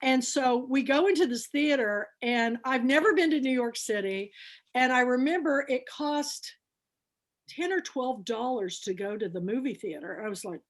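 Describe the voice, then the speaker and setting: Woman host, slightly high-pitched, loose and talkative, spins long anecdotes. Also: measured pace. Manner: chatty rambling storyteller. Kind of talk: casual book club chat.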